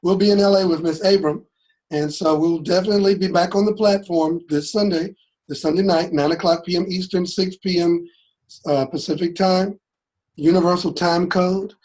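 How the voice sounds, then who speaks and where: A man co-hosting a training call, making relaxed, casual announcements. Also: high-pitched, normal speed, rough recording.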